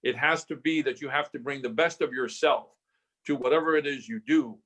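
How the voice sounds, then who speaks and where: A real estate investor in his sixties, appearing as a guest in a casual interview, tells stories animatedly and acts out the dialogue. He speaks in a husky mid-range voice at a fairly quick pace.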